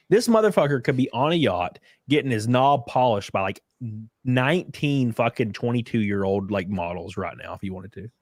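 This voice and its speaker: A young man hosts a casual political livestream and talks loosely, cursing and mocking. His pitch swings widely as he acts out other people's reactions. The sound is dry and close. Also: expressive, normal speed, a little mellow, no echo. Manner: loose, profane, mocking, acts out quotes with big pitch jumps. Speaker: livestream host.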